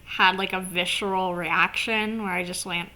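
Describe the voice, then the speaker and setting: A woman vlogger chatting casually to camera, animated and swearing, with lots of "like" fillers. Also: on the low side, normal speed.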